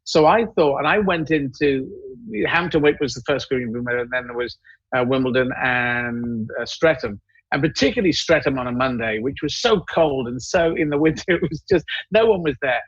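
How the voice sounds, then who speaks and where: A male comedian telling stories in a casual panel chat, rambling and halting as he goes. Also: medium pitch, breathy edge, no echo, muffled recording.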